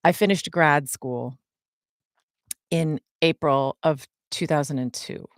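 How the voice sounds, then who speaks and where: A woman in her forties co-hosts a podcast, answering fan questions in a chatty way full of ums and small laughs. Her voice is low-pitched and slow, recorded cleanly in a studio with no echo.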